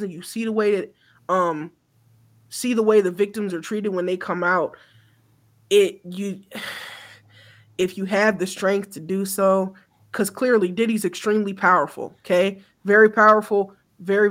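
A woman around thirty co-hosting a podcast, talking in a blunt, profane and impassioned way, often restarting her sentences. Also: medium pitch. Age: about 30. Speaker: podcast co-host. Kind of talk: casual chat.

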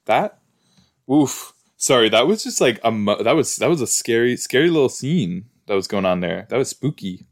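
A man's voice: medium pitch, sing-song, moderate pace. A man hosting a reaction video, chatting casually and exclaiming and asking questions at the screen as he watches.

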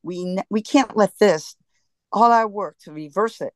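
A woman's voice: medium pitch, normal speed, no echo. A woman guest in an interview, talking with frustrated urgency and breaking off to restart her sentences. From United States. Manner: frustrated, emphatic, restarts often. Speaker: guest, scuba diver. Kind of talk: impassioned interview talk.

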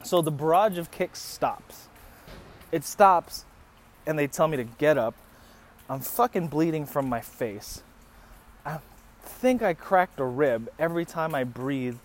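A man in his thirties hosting a podcast, telling a story casually with lots of swearing and bursts of laughter. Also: medium pitch. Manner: profane, animated storytelling with laughs. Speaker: podcast host. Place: outdoors near a street. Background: passing traffic noise.

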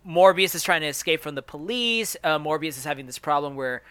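Podcast co-host, male, bright tone, rambling recap, dry close mic. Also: on the high side, animated, a little fast, smooth, no echo. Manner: rambling, self-interrupting storyteller. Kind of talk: casual chat, recapping a movie.

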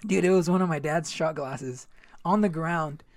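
A man's voice: a little high, normal speed, dry recording. A young man telling a personal story in a rambling casual chat, full of "like" and "dude.".

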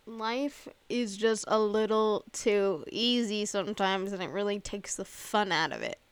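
A woman's voice: mid-range voice, measured pace, clean tone, dry recording. Young woman rambling on her podcast. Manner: rambling, filler-heavy, profane, laughing at herself. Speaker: podcast host. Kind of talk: casual solo podcast chat.

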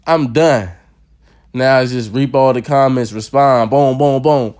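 Loud laughing man riffing casually. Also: medium pitch, moderate pace. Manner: loud, laughing, profane storytelling. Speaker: podcast host. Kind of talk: casual podcast banter.

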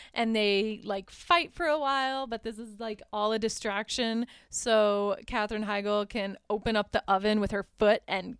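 A young adult woman hosting a podcast, recapping a horror film in a casual, animated way, laughing often and swearing freely. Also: high voice, clean tone, no room sound, clean studio sound. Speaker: podcast host.

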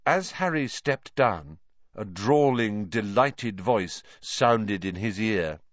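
A man reads a story aloud with animated storytelling. His pitch moves a lot, and the recording is dry, close and dull. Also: takes it slowly, dry recording. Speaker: narrator. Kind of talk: audiobook reading.

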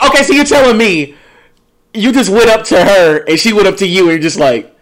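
A man's voice: high-pitched, a little fast, fairly bright tone. A young man co-hosting a podcast, chatting casually in a loose, joking way with profane slang and frequent laughter. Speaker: podcast co-host. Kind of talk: casual chat.

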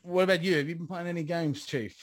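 A man's voice: a little high, steady tone, fast talker, no echo. Rambling young man, dry sound. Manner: rambling, enthusiastic, swears casually. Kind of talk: casual gaming chat.

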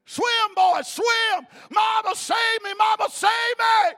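A man's voice: very high-pitched, fairly even intonation, slow pace, sharp tone, raised voice, voice pushed up, exaggerated voice. A male preacher acting out a terrified young boy screaming for his mother.

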